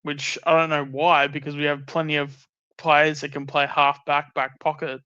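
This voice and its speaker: Co-host, man, bright tense voice, flat delivery, dull dry mic. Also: fairly high pitch, normal speed, clean tone, no room sound. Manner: casual, wry, filler-heavy. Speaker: podcast co-host. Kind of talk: casual footy chat.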